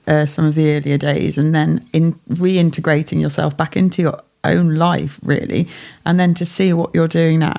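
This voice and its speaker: An English woman, a podcast guest, speaking gently and admiringly in casual conversation. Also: low voice, vocal fry. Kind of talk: casual chat.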